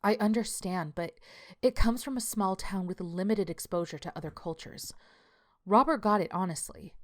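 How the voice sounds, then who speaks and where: A woman voicing a calm, knowing colleague. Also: mid-range voice, normal speed, natural voice. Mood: patient. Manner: patient, explaining, mildly teasing.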